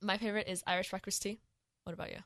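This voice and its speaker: A woman's voice: medium pitch, level tone, very fast, fairly bright tone, no room sound, clean studio sound. Chatty teenage girl co-host. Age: teens. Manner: chatty, rambling with frequent laughs. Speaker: student radio show co-host. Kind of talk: casual chat.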